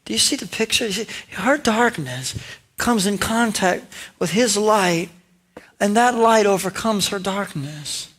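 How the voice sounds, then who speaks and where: Animated male pastor preaching a sermon. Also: sits high, measured pace. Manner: animated storytelling, acting out characters' lines; conversational asides to the congregation.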